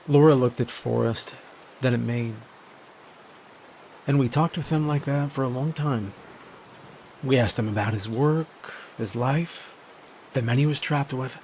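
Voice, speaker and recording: A man telling a first-person horror story in a measured, grave scripted narration. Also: medium pitch, darkish tone, slight background noise.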